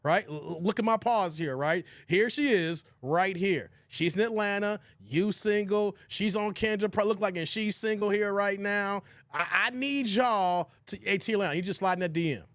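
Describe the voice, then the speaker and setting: Man, high voice, dry close sound, animated livestream host, exclamatory chat. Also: moderate pace, few pauses, no room sound. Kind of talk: casual reaction livestream chat.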